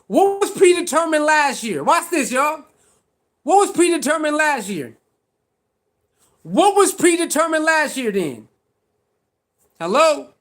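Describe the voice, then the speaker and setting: A man's voice: very high voice, fairly bright tone. A man hosting a sports talk stream, arguing with his chat in casual slangy speech and hammering the same pointed rhetorical questions again and again. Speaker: sports talk show host. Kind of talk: live-stream commentary answering chat.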